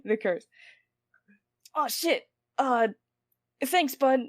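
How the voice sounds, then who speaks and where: A woman's voice: high voice, expressive, very slow, dry recording, voice pushed up, exaggerated voice. A woman voicing a kind, hesitant young woman adventurer in a tabletop game. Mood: reassuring.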